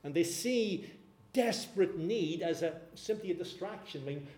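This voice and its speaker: A man preaching a sermon, telling a scripture story in an animated way. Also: fairly high pitch, normal speed, roomy sound.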